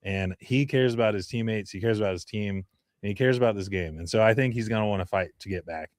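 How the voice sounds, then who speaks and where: A man co-hosting a sports podcast, talking basketball in a relaxed way full of ums and fillers. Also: on the low side, quick pace, dry recording, clean studio sound. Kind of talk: casual sports talk.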